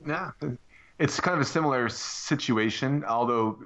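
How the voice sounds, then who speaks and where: A man chatting casually as a podcast guest, halting and restarting his sentences. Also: medium pitch, a bit bright. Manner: halting, many restarts and fillers. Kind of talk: casual chat. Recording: dull lo-fi audio.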